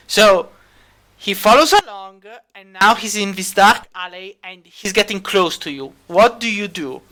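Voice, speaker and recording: Guy game master, bright smooth voice, rambly with lots of uhs. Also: high-pitched, animated, a little slow. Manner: rambling, many fillers, laughs easily. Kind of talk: running a tabletop game.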